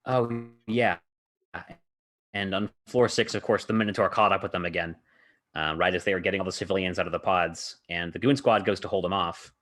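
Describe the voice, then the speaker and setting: Low-voiced guy rambling about his dnd session, lots of likes. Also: fairly even intonation, a little fast, a bit bright. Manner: rambling, heavy on filler words, laughs often. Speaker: podcast host and game master. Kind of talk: casual chat recounting a tabletop game session.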